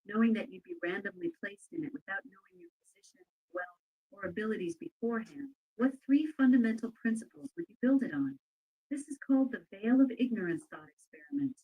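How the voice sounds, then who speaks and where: A synthetic woman's voice, a voice assistant replying politely and agreeably in a steady way. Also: a little high, poor audio.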